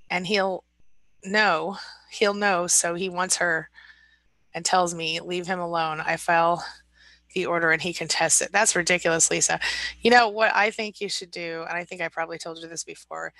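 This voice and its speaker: Woman, live-stream host, supportive and chatty, bright forceful tone, fairly low pitch. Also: no room sound, poor audio. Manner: chatty and supportive, reads comments aloud then responds. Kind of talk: casual live chat reading viewer comments.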